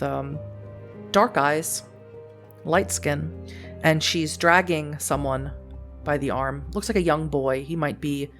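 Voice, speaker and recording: A woman acting as storyteller, narrating a tabletop game in a descriptive, measured way. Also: low-pitched.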